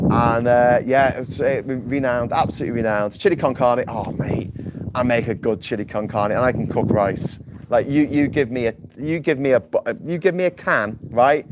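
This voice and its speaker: A man's voice: medium pitch, very noisy. A man hosting a livestream in a casual, jokey, rambling chat, often repeating words as he starts sentences. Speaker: livestream host. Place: island home without mains power.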